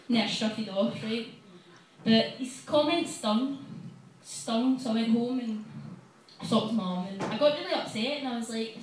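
A woman's voice: a little high, normal speed, a little hiss or hum. Brash Glaswegian woman in an echoey bar. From Scotland. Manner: brash and sweary, chatty. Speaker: stand-up comedian. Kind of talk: stand-up set. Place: small bar stage. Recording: echoey live bar from a distance.

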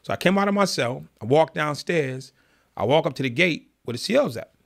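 A man calmly and vividly telling a story in an interview, in a streetwise manner. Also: a little high, fairly quick, creaky. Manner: calm, streetwise, vivid retelling. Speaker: guest.

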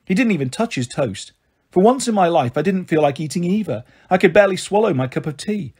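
A man reading a children's novel aloud in steady first-person narration. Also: high voice, a little fast, husky. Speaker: reader. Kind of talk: storybook reading.

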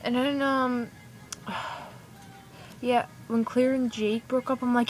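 A teenage girl vlogging from her room with a slightly high voice. She rambles and gushes, peppering every sentence with "like" and "oh my god". Casual, unscripted chat into a handheld device. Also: fairly even intonation, unhurried, long pauses, faint music behind. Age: teens. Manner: gushing, rambling, heavy use of "like" and "oh my god". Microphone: iPod camera.

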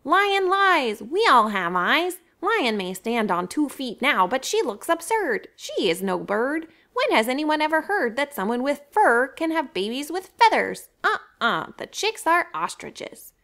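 A woman's voice: sits high, very animated, measured pace, few pauses, a bit bright, pitched above the performer's own voice, full character voice. A woman playing a bold little mongoose. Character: clever, fearless little male mongoose.

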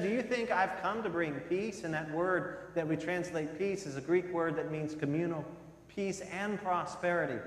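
Dramatic preaching man in echoey church. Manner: dramatic swings between loud emphasis and soft, low passages. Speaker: pastor. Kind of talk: sermon. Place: church sanctuary. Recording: echoey church hall with long reverb.

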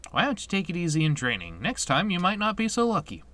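A man reading the lines of a calm, motherly older female school doctor in a slightly raised voice, in a game playthrough. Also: high voice, fast, pitched above the performer's own voice, full character voice. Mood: gently scolding. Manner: reads the on-screen dialogue aloud in a lightly lifted voice.

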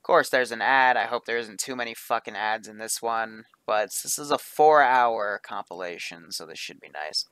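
A man's voice: lowish voice, moderate pace, few pauses, fairly bright tone, clear, resonant tone, dry recording. A man running a multiplayer military game on a livestream, talking casually and bossing players around with plenty of swearing. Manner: brash, profane, bossy toward players.

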